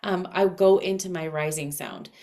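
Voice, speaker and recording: A woman teaching casually to camera in a dense, heavy voice, speaking expressively with clear inflection. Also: lowish voice, normal speed, mellow. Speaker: astrology and voice coach.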